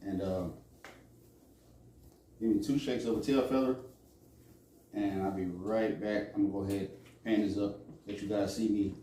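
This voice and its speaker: A man's voice: on the low side, fairly even intonation, normal speed, long pauses, warm tone, slight background noise. A middle-aged man hosting a casual cooking demonstration, chatting and joking with viewers as he works. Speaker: cooking show host. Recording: echoey kitchen, from a distance.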